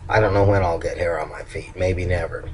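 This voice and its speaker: An older man with a low voice talks through a casual video diary in a candid, upbeat way. Faint noise hums under the recording. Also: steady tone, a little fast, darkish tone, rough recording. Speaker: vlogger.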